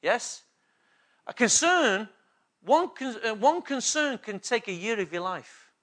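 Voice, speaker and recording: A man preaching a sermon with a high, bright voice. He hammers his points home through repetition and keeps asking the room for agreement. His delivery is emphatic, as a pastor addressing his own congregation. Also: very animated, slow. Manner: emphatic preaching with repeated call-and-response questions.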